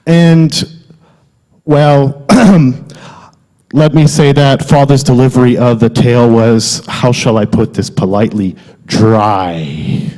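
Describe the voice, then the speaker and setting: A man playing a loud, wisecracking South Philly alter ego with a thick Philadelphia accent, delivering a comic sermon. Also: a little high, unhurried, natural voice. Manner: exaggerated, wisecracking, loud street-corner banter. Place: theatre stage. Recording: long hall reverb.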